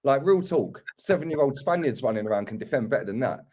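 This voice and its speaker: A man's voice: mid-range voice, lively intonation, fast talker, a little mellow, breathy edge. A young man ranting about football transfers in casual chat, mocking other fans. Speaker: football fan pundit.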